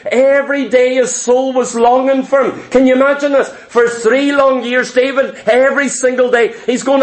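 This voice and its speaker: An impassioned male preacher delivering a sermon, telling the story dramatically. His voice is unusually high for a man. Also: fairly even intonation, normal speed, few pauses.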